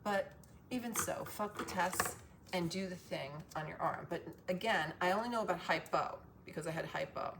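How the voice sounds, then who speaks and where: Gravelly-voiced woman ranting to camera. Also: lowish voice, moderate pace, background noise. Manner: frustrated, ranting, swears casually. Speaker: wellness vlogger. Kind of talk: casual talking-to-camera vlog.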